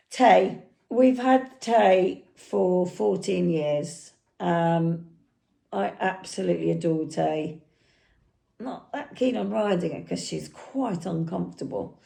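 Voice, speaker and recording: Slow gravelly woman, rambling. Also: on the low side, warm tone. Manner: rambling, anecdotal, filler-heavy. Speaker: horse eventer and yard owner. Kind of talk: casual vlog talk.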